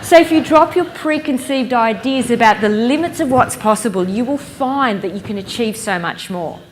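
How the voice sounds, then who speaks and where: A woman giving a lively conference keynote, engaging the audience with stories and questions. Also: fairly high pitch, normal speed, slight background noise. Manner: lively, playful storyteller who engages the audience. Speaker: keynote speaker. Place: conference hall stage.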